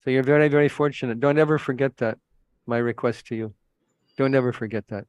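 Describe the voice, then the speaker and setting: A man's voice: medium pitch, steady tone, fast talker, no echo, lo-fi sound. A man preaching a sermon, earnest and admonishing, telling stories to make his points. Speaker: preacher, monk. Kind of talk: sermon with anecdotes.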